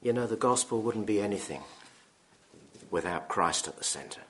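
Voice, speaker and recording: A man's voice: fairly low pitch, expressive, a bit bright. Solemn man reading scripture. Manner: slow, solemn reading with throat-clearing. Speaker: preacher.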